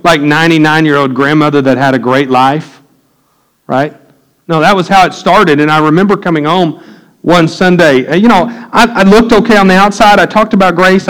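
A man's voice: on the high side, a little fast, fairly bright tone, poor audio. A middle-aged man preaching a sermon, telling a candid personal story that builds to impassioned preaching. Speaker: pastor.

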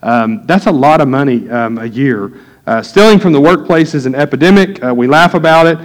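A middle-aged man preaching a sermon, telling folksy stories and getting animated when he quotes people. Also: medium pitch, brisk, low-quality recording. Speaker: pastor. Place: church.

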